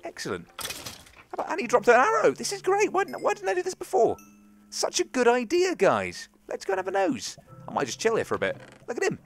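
A man's voice: high-pitched, creaky, fairly bright tone. A young man hosting a gaming channel, chatting and rambling through a let's play commentary to his viewers and to the creatures in the game.

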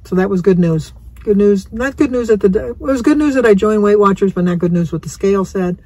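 A woman's voice: medium pitch, brisk, dark tone, poor audio. Chatty woman vlogging on a drive. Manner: rambling, chatty, laughs often, stumbles over long words. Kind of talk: casual chatty vlog. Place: in a car while driving.

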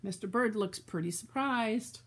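An older woman reading a children's storybook aloud, slow and expressive, chatting about the story as she goes. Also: on the high side, breathy edge.

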